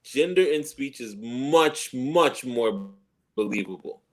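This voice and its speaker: A man in casual podcast banter with a middle-pitched voice. He teases his co-hosts and cuts in on them, talking over them to roast them. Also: lively intonation, slow. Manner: teasing, interrupting. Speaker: podcast co-host. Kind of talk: casual chat.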